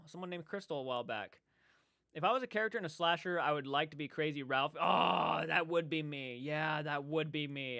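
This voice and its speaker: A man hosting a casual livestream chat. He is rambling and excitable and often restarts his sentences. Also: a little high, no echo, studio quality. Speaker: livestream host. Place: indoor room.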